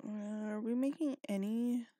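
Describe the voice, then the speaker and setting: A woman's voice: a little high, steady tone, unhurried, mellow, no echo, clean studio sound. Chatty woman scolding her game characters. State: sniffly and yawning. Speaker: gaming video creator. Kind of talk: casual gameplay commentary.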